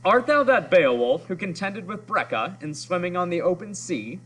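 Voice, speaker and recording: A man's voice: sits high, big pitch swings, moderate pace, fairly bright tone, voice pushed up, full character voice, poor audio. A man voicing a jealous, snobby male warrior who mocks a hero, reading aloud from a story. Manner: snobby, mocking.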